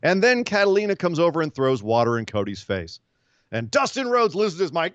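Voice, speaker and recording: Animated man recapping wrestling on a podcast. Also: fairly high pitch, brisk, no room sound. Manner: animated storytelling, acts out quotes in silly voices. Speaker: podcast co-host. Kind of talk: casual wrestling recap chat. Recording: dull lo-fi, dry sound.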